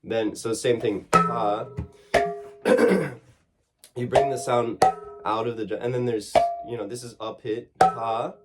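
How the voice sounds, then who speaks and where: A man giving a relaxed one-on-one drum lesson, explaining strokes in halting phrases and singing out the drum syllables. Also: mid-range voice, over loud music. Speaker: drum teacher. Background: drumming.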